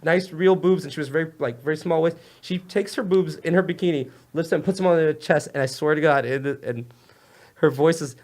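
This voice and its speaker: Young male comic guest, fast and loose storyteller, lightly high voice, laughs a lot. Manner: animated, rambling, laughs often. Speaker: comedian guest. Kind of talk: casual storytelling chat.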